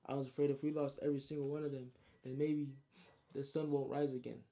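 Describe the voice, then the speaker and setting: A man voicing a guilt-ridden old grandmother who speaks softly and pleads. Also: mid-range voice, flat delivery, quick pace, natural voice. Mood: solemn.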